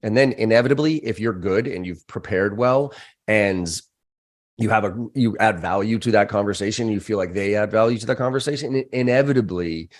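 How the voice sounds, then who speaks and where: A middle-aged American man with a fairly low voice tells stories in a blunt, casual way. He swears freely and swings his pitch up high when he acts out other people's lines. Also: brisk. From United States. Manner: animated, profane, acts out quoted voices with big pitch jumps. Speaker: sales trainer and podcast guest. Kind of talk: candid conversational storytelling.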